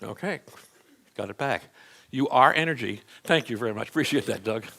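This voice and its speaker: A man's voice: mid-range voice, animated, brisk, gravelly, pushed and bright. A middle-aged man, a minister, teaching a live lesson to a church audience in a conversational, plain-spoken way with frequent restarts.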